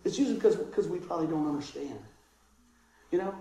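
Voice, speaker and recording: A middle-aged man, a pastor, preaching a sermon and telling a childhood story, animated and laughing, with voices for the people in it. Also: high-pitched, fast, creaky, pauses often. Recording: very echoey hall.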